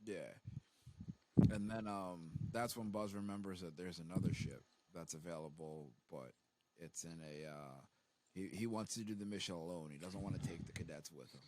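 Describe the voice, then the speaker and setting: A man co-hosting a podcast, casually retelling a show's plot, laughing and doing squeaky voices for quotes. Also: moderate pace, darkish tone, a little hiss or hum, rough recording. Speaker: podcast co-host. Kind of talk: casual movie recap chat.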